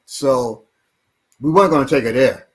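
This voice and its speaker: A man's voice: mid-range voice, moderate pace. A man co-hosting a casual podcast, rambling with repeated words, occasional swearing and easy laughs. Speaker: show co-host and self-defense trainer.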